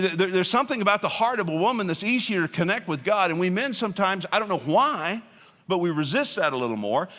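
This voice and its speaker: A man's voice: fairly high pitch, pushed and bright. A middle-aged male pastor preaching a sermon in a church, conversational, joking, with stammered restarts. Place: church auditorium. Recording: long hall reverb.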